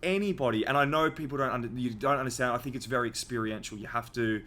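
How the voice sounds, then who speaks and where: A man's voice: mid-range voice, fast talker, bright, forceful tone. A young man talks on his podcast in a loose, candid way, sprinkling in swear words as he tells a personal story. His voice sits in an ordinary middle register. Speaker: podcast host. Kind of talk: casual podcast chat.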